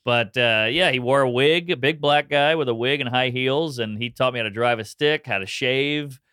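A man's voice: mid-range voice, normal speed, smooth, dry recording, clean studio sound. A man in his thirties from New Orleans, a comedian guest telling a story in casual chat and acting out the voices of the people in it. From New Orleans, Louisiana. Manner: animated storyteller who acts out voices.

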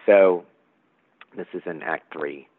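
A man, a guest writer, explaining and reading from a play in a halting way with many pauses and fillers. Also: low-pitched, no echo. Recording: tinny phone-like line.

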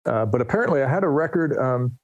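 A man's voice: medium pitch, lively intonation, fast, no echo, muffled recording. A man in his sixties, a musician guest telling stories in a rambling, self-deprecating way. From New Jersey, US. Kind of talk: casual storytelling interview.

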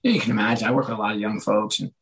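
A hoarse middle-aged man in a casual interview, telling animated stories and acting out the voices of the people in them. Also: fairly low pitch, racing, low-quality recording. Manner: animated, acts out quoted voices. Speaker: author and guest.

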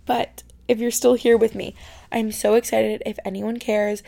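A young woman from New York State chatting casually as a podcast host, full of "like" fillers and sometimes dropping into soft, whispery asides. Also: fairly high pitch, level tone, normal speed, creaky. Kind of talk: casual chat. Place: her bedroom.

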